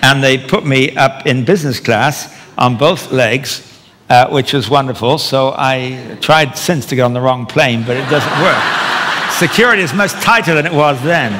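A man's voice: mid-range voice, moderate pace, sharp tone. A man preaching a sermon, telling a story with wry humor as he teaches. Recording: long hall reverb.

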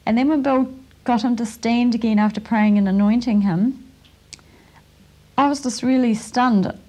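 A woman giving a testimony as a mother, earnest and halting, with emotion. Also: a little high, dark tone.

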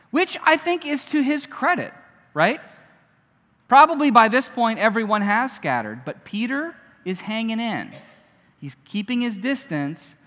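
A man preaches a casual, conversational sermon, slipping into quick acted-out lines. His fairly high, bright voice swings widely in pitch. It rings with the long reverb of a church hall. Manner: conversational, animated, acts out quotes. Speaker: pastor.

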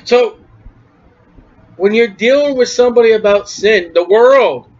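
A male preacher delivers a forceful, emphatic sermon. His voice sits high for a man. The recording sounds dull and lo-fi. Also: a little slow.

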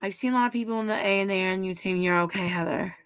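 A woman's voice: medium pitch, racing, fairly bright tone, clean tone. A woman chatting casually on a live stream, answering her chat bluntly and swearing freely. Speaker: livestreamer reading chat.

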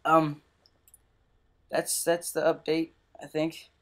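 A man's voice: fairly high pitch, completely flat delivery, slow pace. A young man hosting a gaming channel, giving a casual, rambling update full of fillers and restarts.

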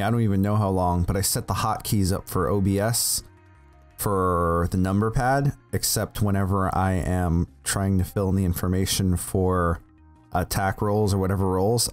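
A man's voice: low voice, normal speed, darkish tone. A man chatting casually over voice chat before a tabletop game, rambling and restarting as he explains his setup. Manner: rambling, laughs often, restarts. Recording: desktop voice chat audio with faint music.

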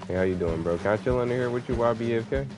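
A young man streaming a game and talking casually to his chat, full of slang, swearing and quick laughs. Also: mid-range voice, over music. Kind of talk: casual live-stream banter.

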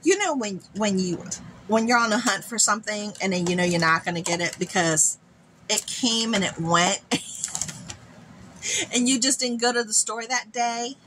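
A woman beauty vlogger unboxing friend mail, gushing and excitable, calling her viewers "girl". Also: medium pitch, unhurried, noisy background.

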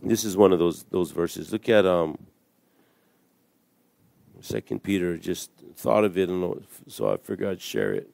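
A man's voice: low voice, lively intonation, a little slow, creaky, long pauses, darkish tone, no room sound. A male pastor, preaching a storytelling sermon full of jokey asides and acted-out voices. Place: church.

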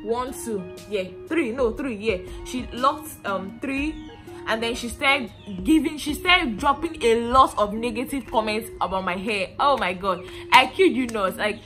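A woman's voice: on the high side, unhurried, music in the background. A young woman from Nigeria with a Nigerian accent, chatting casually to camera in a hair vlog, rambling with many fillers and restarts. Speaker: hair vlogger.

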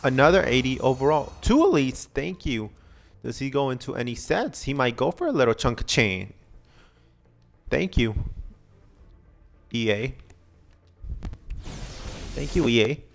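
A man casually commenting on a video game pack opening, excitable and begging the game for good pulls. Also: medium pitch, measured pace, creaky, long pauses. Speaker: gaming channel host.

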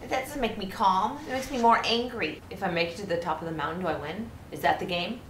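Frustrated woman gamer, slow and lively, recorded from a distance in an echoey, noisy room. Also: mid-range voice. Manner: exasperated, talks to the game. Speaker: gaming video host. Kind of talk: let's play commentary.

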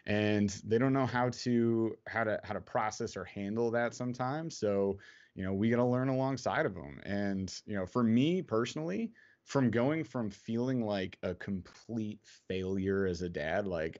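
A man hosting a casual fishing livestream, talking in a rambling way full of fillers and quick laughs. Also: lowish voice. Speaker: podcast host. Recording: dull lo-fi stream audio.

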